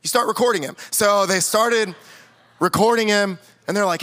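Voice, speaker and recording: Bright high-voiced young male preacher. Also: moderate pace. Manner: storytelling, playfully acts out quotes. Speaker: youth pastor. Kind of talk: sermon. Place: church sanctuary.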